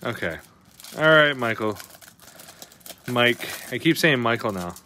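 A man hosting a live card-opening stream, chatting casually with viewers, excitable and often swearing as he reacts to each pull. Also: mid-range voice, measured pace, slight background noise.

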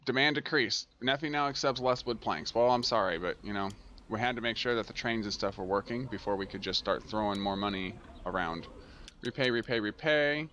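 Bright-voiced man grumbling through gameplay. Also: fairly low pitch, a little fast, dull audio. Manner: grumbles and scolds the game aloud. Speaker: gaming channel host. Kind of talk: casual let's-play commentary.

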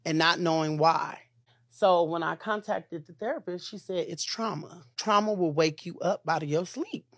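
A man's voice: fairly high pitch, normal speed, no room sound, clean studio sound. Emotional man in an interview. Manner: emotional, animated, with religious exclamations. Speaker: interview guest.

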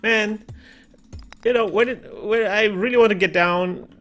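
A man's voice: sits high, unhurried, fairly bright tone, faint music behind. A man giving chatty let's-play commentary, thinking aloud and exclaiming at what he finds in the game. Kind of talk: gameplay commentary.

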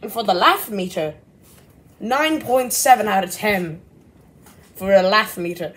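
A woman's voice: mid-range voice, a little slow, a bit bright, breathy edge. A woman giving casual, exasperated reaction commentary, laughing and swearing freely. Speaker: video reactor.

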